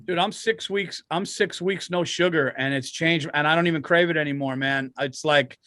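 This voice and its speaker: A man's voice: on the high side, moderate pace, pushed and bright, no echo, clean studio sound. A man co-hosting a comedy podcast in casual chat, rambling and self-deprecating with many restarts. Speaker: podcast co-host.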